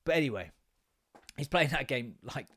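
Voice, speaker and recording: A man's voice: mid-range voice, lively intonation, moderate pace, fairly bright tone. A man, a podcast host telling an exasperated, sweary story about his kids. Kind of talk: casual ranting monologue.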